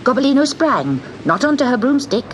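Expressive woman reading a children's story. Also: high voice, fairly quick, poor audio. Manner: expressive, sing-song reading. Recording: background noise.

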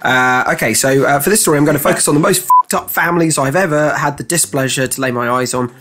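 A man's voice: a little high, fast talker, pushed and bright, faint music behind. A man hosting a comedy podcast and telling a story in casual chat, laughing and swearing. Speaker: podcast co-host.

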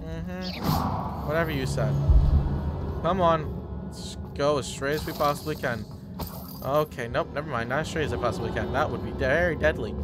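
A man's voice: on the high side, moderate pace, long pauses. A young man commenting on his own gameplay, grumbling in a sarcastic, exasperated way. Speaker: gaming streamer. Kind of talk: let's-play commentary. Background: game music.

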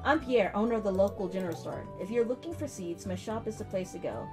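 A woman doing a brisk eager shopkeeper man. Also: expressive, over music, natural voice. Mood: salesy. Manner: brisk salesman pitch. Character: eager middle-aged male shopkeeper.

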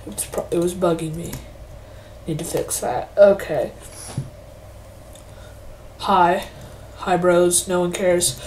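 A woman's voice: lowish voice, a little hiss or hum. A young woman giving casual commentary while she plays a game, chatting to herself and breaking into mock-grumpy outbursts. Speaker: gaming channel host.

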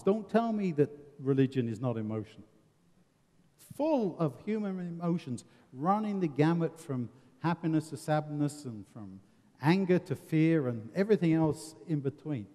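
A man's voice: a little high, mellow. A man with an English accent leading a seminar discussion, earnest and given to rhetorical questions and wry humour. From England. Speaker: seminar presenter. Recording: reverberant hall.

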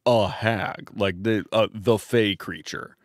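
Deadpan man in improv banter. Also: lowish voice, slow, no echo, clean studio sound. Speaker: co-host. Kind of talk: improvised comedy chat.

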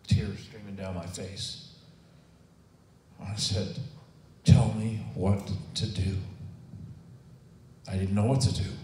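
Older man, earnest testimony, lowish voice, heard from a distance in a roomy space. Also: a little hiss or hum. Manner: earnest, emotional, quotes himself and others in acted voices. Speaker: testimony speaker. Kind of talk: personal testimony storytelling.

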